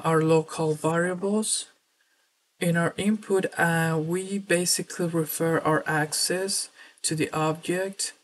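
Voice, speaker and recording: Low, slow, flat-voiced woman tutor. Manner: steady explanatory walkthrough with filler words. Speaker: software training presenter. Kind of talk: screen-recorded software tutorial.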